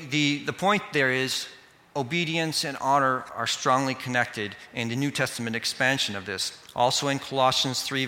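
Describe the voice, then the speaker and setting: A man's voice: mid-range voice, pushed and bright, big-room sound. A man preaching a sermon, earnest and speaking directly to the children in the congregation. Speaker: pastor.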